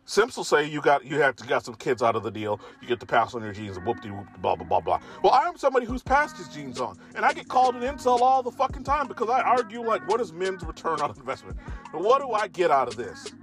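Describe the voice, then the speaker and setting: A young man giving a profane, emphatic ranting monologue, his voice jumping up in pitch when he gets worked up. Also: big pitch swings, quick pace, a bit bright, faint music behind. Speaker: commentator.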